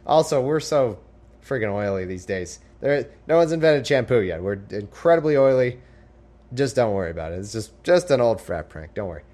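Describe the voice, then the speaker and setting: A man's voice: medium pitch, very animated, moderate pace, a little mellow, close to an everyday voice. A man voicing a laid-back male frat-bro king who breezily shrugs things off. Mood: breezy. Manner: breezy, dismissive, joking.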